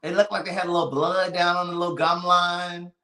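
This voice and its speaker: A man's voice: high voice, little pitch movement, fairly quick, pushed and bright, echoey room. A man telling a story on a casual live stream. He talks dramatically and piles up vivid adjectives.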